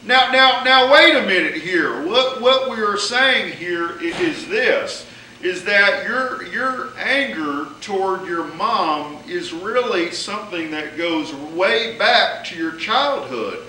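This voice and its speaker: A man's voice: sits high, expressive, slow, sharp tone, slight background noise, heavily acted. A man playing an earnest talk-show counselor who lectures a guest. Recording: echoey room from far off.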